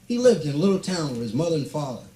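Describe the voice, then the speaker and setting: A man doing stand-up comedy, telling a story with playful, deadpan asides and drawn-out punchlines. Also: fairly high pitch, slight background noise. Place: stage before a live audience. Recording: roomy live stage recording, audience laughter.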